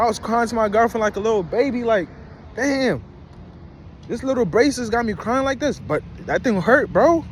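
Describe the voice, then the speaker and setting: A man's voice: extremely high pitch, slight background noise. A man in his twenties ranting casually in a rambling, slangy, incredulous way outdoors at a rest stop. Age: 20s. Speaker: vlogger. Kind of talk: casual commentary rant.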